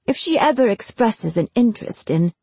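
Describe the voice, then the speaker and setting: A scheming male spy master speaks in a calm, unruffled, smooth way, voiced by a woman narrating a storybook. The voice is husky and gravelly. It sounds dry and close to the mic. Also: on the high side, normal speed, dry recording, exaggerated voice.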